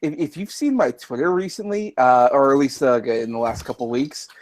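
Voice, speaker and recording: A man chatting casually, stammering through restarts with animated energy. His voice sits in a middle range. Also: mid-range voice, moderate pace. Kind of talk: casual chat.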